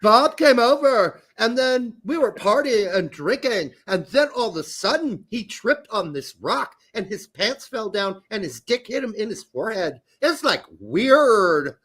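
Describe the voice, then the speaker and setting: A man's voice: high-pitched, very animated, measured pace, few pauses, a bit bright, breathy edge, pitched above the performer's own voice, full character voice. A man putting on a drawling Valley Girl dude. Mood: mocking.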